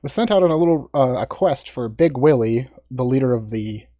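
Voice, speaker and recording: A man's voice: mid-range voice, animated, a little fast, dark tone, no echo, studio quality. A man as dungeon master, giving a loose, chatty recap of the last session to a streamed tabletop group. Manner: chatty, loose, with fillers and asides. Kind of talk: casual recap on a game stream.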